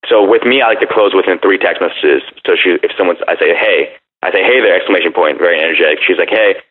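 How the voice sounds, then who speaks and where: A man's voice: low voice, fast talker. A man in casual chat, telling a brash dating story and acting out text messages. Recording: phone-like narrow sound.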